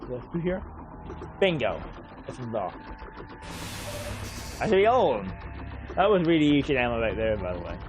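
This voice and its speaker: A man's voice: medium pitch, big pitch swings, normal speed, long pauses, music in the background. A man giving rambling, casual commentary while streaming a game, swearing offhandedly now and then.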